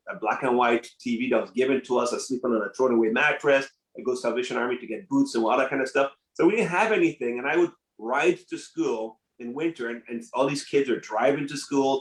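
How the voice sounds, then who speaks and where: Animated storytelling man, roomy sound. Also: medium pitch. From grew up in Nigeria and Canada. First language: French. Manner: animated storyteller who acts out quoted voices. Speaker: podcast guest. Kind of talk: casual storytelling interview.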